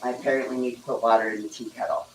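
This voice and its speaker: A man's voice: mid-range voice, little pitch movement, rapid-fire, a little hiss or hum. A man vlogging a casual morning chat at a farm house, talking bluntly to his animals and swearing freely.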